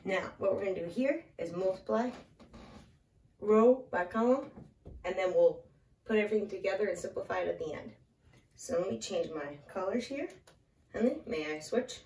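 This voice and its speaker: A woman's voice: medium pitch, warm tone. A woman teaching a casual math lesson at a whiteboard, talking through each step aloud and chatting with a small child she holds. She sounds slightly out of breath. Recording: echoey room, voice from a distance.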